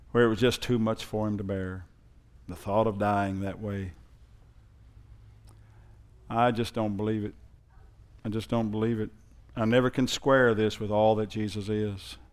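Man preaching a lively sermon. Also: on the low side, clean tone. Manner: conversational preaching that builds in force. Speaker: pastor.

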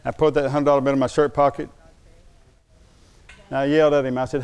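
An older man preaching a sermon, telling a personal story, slowing for emphasis and dropping to a quiet, moved tone. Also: medium pitch, flat delivery, clear, resonant tone. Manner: storytelling, slows down for emphasis, drops to a hushed tone when moved. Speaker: pastor.

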